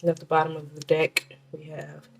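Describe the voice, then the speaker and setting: A woman's voice: deep voice, completely flat delivery, gravelly. Chatty woman reading tarot cards. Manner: chatty, halting, many restarts and fillers. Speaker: tarot reader.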